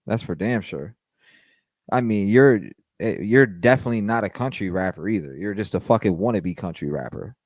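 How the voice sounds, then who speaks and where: A man's voice: fairly low pitch, normal speed, dry recording. A man hosting a livestream, giving casual commentary and swearing a lot. He mocks people by quoting them in put-on voices. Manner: profane, animated, mocks with put-on quotes. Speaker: livestream host.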